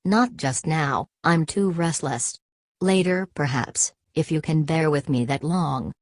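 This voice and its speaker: A woman reading a nervous, deferential man from inland for an audiobook. The voice is low and the reading is calm and measured. The close recording is dry. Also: no room sound. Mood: earnest.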